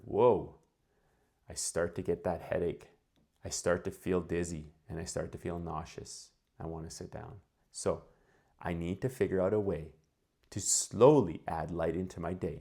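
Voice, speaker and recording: A man with a somewhat low, hoarse voice that is wearing thin speaks directly to his viewers. He explains recovery steps in an earnest, emphatic way and keeps checking that they follow. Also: a little mellow. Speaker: concussion recovery educator. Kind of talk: direct-to-camera advice talk.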